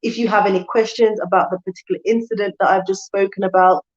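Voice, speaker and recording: A woman's voice: medium pitch, fairly even intonation, fast talker. Chatty woman live-streaming, lo-fi sound. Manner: chatty, laughs often, reads out viewer comments. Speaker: vlogger hosting a live stream. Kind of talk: casual live-stream chat.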